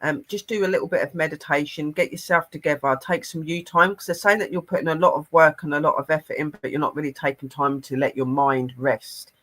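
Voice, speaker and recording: A man's voice: a little high, fairly even intonation, fast talker, hardly any pauses, a bit bright. A man working as a psychic medium on a live stream, passing on spirit messages in an earnest, rambling way. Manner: earnest and rambling, many fillers.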